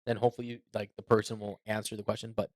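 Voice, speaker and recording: A man co-hosting a podcast in casual chat, animated and opinionated, laughing often. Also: on the low side, rapid-fire, no echo. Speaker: podcast co-host.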